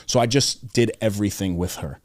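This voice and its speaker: A young man speaks earnestly as a guest on a podcast in a casual interview conversation, his voice somewhat low and the sound close and dry with no room sound. He tells stories loosely and conversationally, often pausing on fillers and restarting his sentences.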